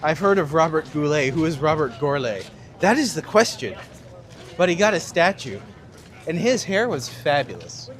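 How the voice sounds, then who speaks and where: A man's voice: fairly high pitch, moderate pace. A man hosting a walking tour livestream, chatting and joking casually as he walks city streets. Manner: joking, lively banter. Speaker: tour guide and streamer host.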